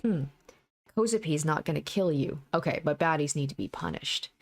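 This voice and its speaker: Low-voiced young woman reading a game aloud. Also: gravelly. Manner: steady measured reading, casual asides. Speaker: game streamer. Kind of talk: reading a visual novel aloud with commentary.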